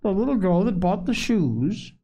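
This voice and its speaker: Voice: medium pitch, sing-song, normal speed, mellow, pitched above the performer's own voice. A reader voicing a restless, kindly old shopkeeper man in a storybook reading, with a folksy drawl. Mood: concerned.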